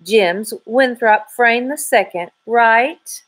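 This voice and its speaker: A woman's voice: a little high, big pitch swings, moderate pace, fairly bright tone, voice pushed up. A woman doing a bold teenage girl sleuth. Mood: sassy.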